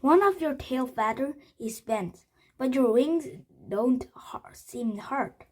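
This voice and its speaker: A woman voicing a cheerful young girl adventurer in a storybook, speaking gently and coaxingly, with slow and halting delivery. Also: high-pitched, lively intonation.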